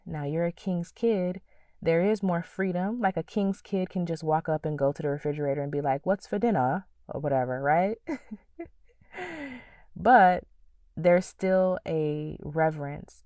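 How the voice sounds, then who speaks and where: A woman hosting a faith-based podcast, teaching in an earnest, preacherly way and dropping into soft whispers for her prayers. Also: low voice, dry recording, studio quality, distant mic. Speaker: podcast host.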